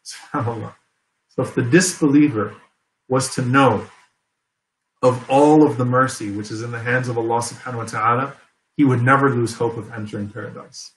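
A man's voice: medium pitch, fairly even intonation, fairly quick, a little hiss or hum. A man giving an earnest religious lecture as a preacher, repeating key phrases for emphasis. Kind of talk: Islamic lecture. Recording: echoey room.

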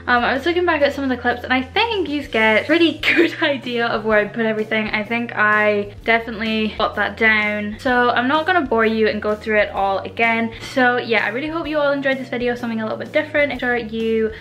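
Young British woman, higher voice, upbeat, rambling, casual vlog, bedroom, phone mic. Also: brisk, few pauses, a bit bright. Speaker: vlogger.

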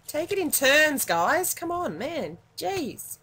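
An Australian woman commenting on her gameplay in a casual, excitable way, muttering to herself between sudden yelps. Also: high voice, takes it slowly. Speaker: gaming channel host.

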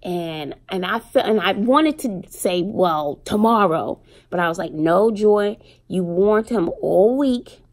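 A middle-aged woman and mother chatting casually to her viewers, telling stories with slang and animated retellings. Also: mid-range voice, takes it slowly. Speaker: vlogger and single mother. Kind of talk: casual chat to camera.

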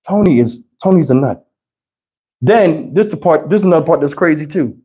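A man hosting a livestream, telling a story in a casual way that is animated and profane, with frequent laughter. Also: a little high, moderate pace. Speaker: livestream host. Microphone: wireless lapel mic.

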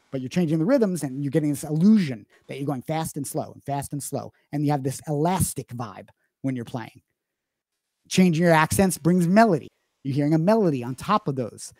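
A drum teacher explains drumming during a live online Q&A lesson. His voice is a little high with a darkish tone and no echo, and he talks emphatically with frequent restarts.

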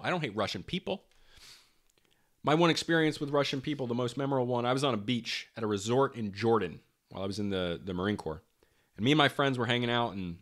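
Fired-up man ranting, bright edgy voice. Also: medium pitch. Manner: heated, swearing often, repeating himself for emphasis. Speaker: podcast host. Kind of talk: impassioned political monologue.

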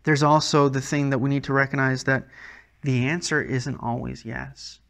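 A man's voice: medium pitch, little pitch movement, moderate pace, creaky, a bit bright. A man preaching a sermon as a pastor, earnest and conversational, often restarting his words.

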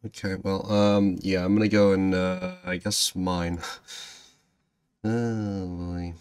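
A man's voice: level tone, measured pace. Swearing man ranting over gameplay. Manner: profane, swings from low muttering to loud ranting; sarcastic self-talk. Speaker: gaming channel host. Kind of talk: gameplay commentary.

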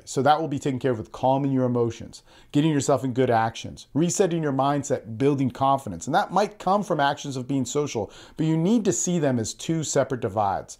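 A man's voice: mid-range voice, animated, brisk, few pauses, a little mellow. Earnest man coaching on social anxiety. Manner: earnest, repeats words, shifts into quoted example speech. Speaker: podcast host and social skills coach. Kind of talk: tutorial talk with acted example lines.

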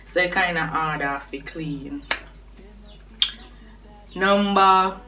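A woman's voice: lowish voice, slow pace, sharp tone, recorded from a distance, slight background noise. A young woman with a Jamaican accent talking casually to camera, chatty and laughing between points. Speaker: vlogger. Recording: voice a bit off-mic with faint music behind.

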